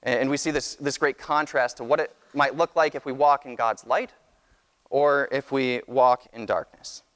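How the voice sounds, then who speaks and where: A man preaching a sermon, teaching in a measured, earnest way that often restarts phrases. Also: medium pitch, steady tone, a bit bright. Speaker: pastor. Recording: long hall reverb.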